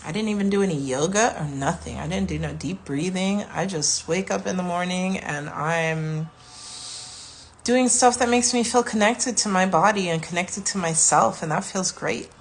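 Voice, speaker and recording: A woman around forty, talking candidly and warmly about her self-healing in a casual vlog, sometimes dropping to a soft whisper. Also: lowish voice, normal speed, a little hiss or hum. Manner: chatty, candid, self-affirming. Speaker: vlogger.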